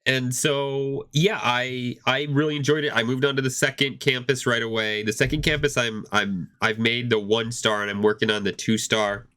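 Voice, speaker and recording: A man's voice: medium pitch, steady tone, moderate pace, few pauses, pushed and bright, clean tone. A man co-hosting a gaming podcast, chatting casually and rambling with many restarts, fighting off a cough. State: hoarse with a cough. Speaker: podcast co-host.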